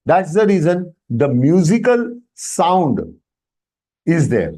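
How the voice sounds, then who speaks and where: A man's voice: a little high, very animated, dark tone. Indian man teaching, lilting and patient. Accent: Indian English. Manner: patient, repeats pronunciations slowly, checks "Am I clear?". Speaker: Sanskrit teacher. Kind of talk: online language class.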